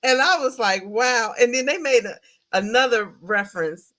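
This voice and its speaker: Woman host, chatty film recap, animated, laughs often, asks chat questions. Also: a little high, moderate pace. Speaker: podcast host reviewing a film. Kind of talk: casual livestream film recap.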